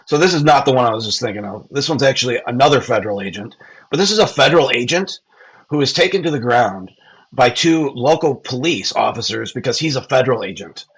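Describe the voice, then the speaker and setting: A man's voice: medium pitch, lively intonation, quick pace, fairly bright tone, husky, low-quality recording. Blunt, rambling male podcast host. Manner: rambling, blunt and profane, with hesitations. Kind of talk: casual political commentary.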